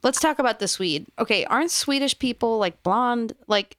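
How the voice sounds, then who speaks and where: A woman's voice: a little high, animated, normal speed, a bit bright, no echo, clean studio sound. A woman co-hosting a podcast, chatting playfully and enthusiastically about a TV episode. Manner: enthusiastic, playful, lots of "yeah". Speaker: podcast co-host. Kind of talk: casual TV recap chat.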